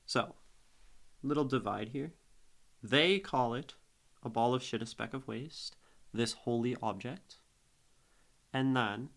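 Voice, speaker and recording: A man's voice: medium pitch, slow, vocal fry, pauses often, fairly bright tone. A young man streaming live, casually talking through a poem and reacting to chat, thinking aloud at a desk mic. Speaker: streamer critiquing poetry.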